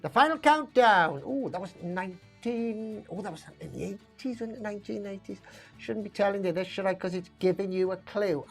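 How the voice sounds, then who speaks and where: A woman runs a live online pub quiz, chatting and rambling between questions and laughing at her own asides. Her voice sits at an ordinary middle pitch, with faint music playing behind her. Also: husky. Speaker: quiz host.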